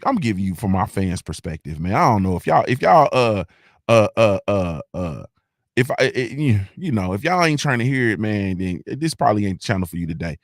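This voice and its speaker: Excitable man hosting a boxing talk show. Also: fairly low pitch, dry recording, studio quality. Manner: excited, slangy, repeats himself a lot. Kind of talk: casual fan talk on a livestream.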